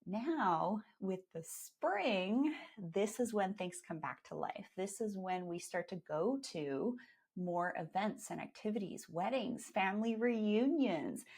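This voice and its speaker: A woman's voice: mid-range voice, animated, slow, darkish tone, husky. A woman with a Canadian accent hosting a live podcast, talking in a chatty, upbeat, promotional way. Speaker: podcast host and skincare educator.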